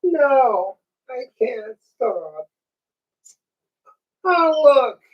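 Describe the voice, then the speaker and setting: A man's voice: very high-pitched, very animated, very slow, far from the mic, highs cut off, voice pushed up, heavily acted. A man voicing a cheeky, crude male ventriloquist dummy with a monocle, who teases and taunts in a raised voice. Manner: taunting, rude and teasing.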